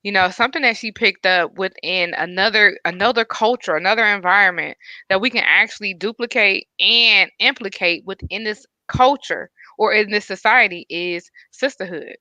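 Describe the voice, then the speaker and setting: A woman's voice: medium pitch, normal speed, sharp tone, dry recording. A woman hosting a conversation, earnest and affirming, on a slightly muffled recording. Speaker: host. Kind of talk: conversational interview. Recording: slightly muffled, dry sound.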